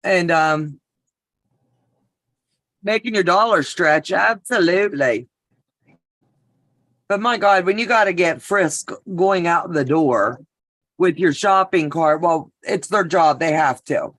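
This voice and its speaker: A woman's voice: lowish voice, expressive, takes it slowly, long pauses, a bit bright. A middle-aged woman hosting a live sewing show, chatting casually and telling stories while greeting viewers by name.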